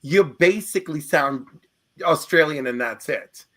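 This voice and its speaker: A man's voice: fairly high pitch, measured pace, pushed and bright. A man from the United States joking playfully in a casual group chat.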